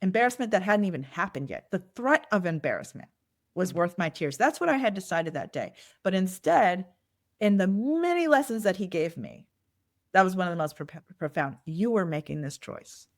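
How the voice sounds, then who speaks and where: With a lowish, very animated voice at normal speed, a middle-aged woman guesting on a podcast shares candid, reflective personal stories, acting out what people said. She's a nonprofit fundraising consultant, and the studio sound is clean with no echo.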